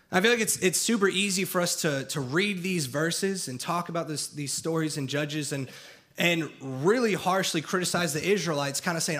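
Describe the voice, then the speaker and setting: A man's voice: on the high side, normal speed, fairly bright tone. A young man preaching a sermon, earnest and building emphasis through repetition. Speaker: pastor.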